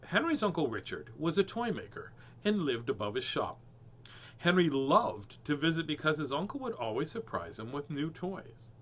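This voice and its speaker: A man's voice: on the high side, very animated, normal speed, a bit bright. A man hosting a storybook reading, joking playfully between pages. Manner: playful, joking, with frequent laughs. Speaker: storyteller host. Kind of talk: reading picture books aloud.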